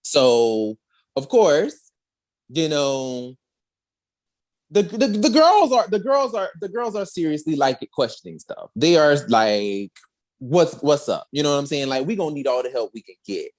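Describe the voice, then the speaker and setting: Podcast co-host, sassy slangy delivery, very lively pitch. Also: unhurried. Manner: sassy, slangy, animated retelling with acted quotes. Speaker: podcast co-host recapping a comic. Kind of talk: casual chat.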